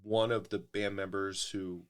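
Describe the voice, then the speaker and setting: A man's voice: sits low, level tone, a little slow, clean tone. A middle-aged male pastor in a casual podcast conversation, explaining at length in a thoughtful way, often restarting his sentences.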